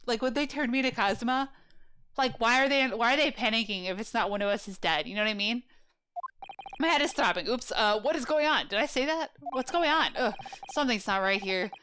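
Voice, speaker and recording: A woman's voice: medium pitch, clean tone. A woman hosting a let's play, chatting casually and reacting aloud as she plays. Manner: chatty, reacts out loud, reads lines aloud. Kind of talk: casual gameplay commentary.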